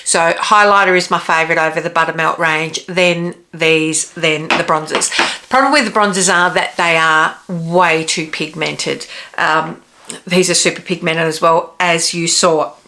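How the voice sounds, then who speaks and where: Slow-talking woman with a bright voice. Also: sits low, steady tone, a little hiss or hum. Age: 40s. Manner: chatty, practical tips given directly to viewers. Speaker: beauty vlogger. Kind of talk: casual makeup review.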